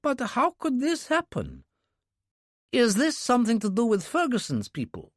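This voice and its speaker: Man voicing an anxious Russian handler, agitated, raised pitch, dry close sound. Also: huge pitch swings, normal speed, no echo, full character voice. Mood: worried.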